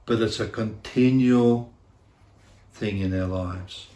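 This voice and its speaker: A man's voice: lowish voice, slow, mellow, echoey room. A middle-aged man preaching a sermon as pastor, earnest and repeating key phrases for emphasis, with self-deprecating asides. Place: church.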